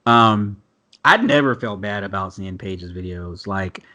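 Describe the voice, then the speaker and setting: A man's voice: deep voice, lively intonation, unhurried, bright, forceful tone. A man hosting a casual podcast over a video call, reading an article aloud and reacting bluntly with profanity. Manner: blunt, profane, laughs often. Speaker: podcast host.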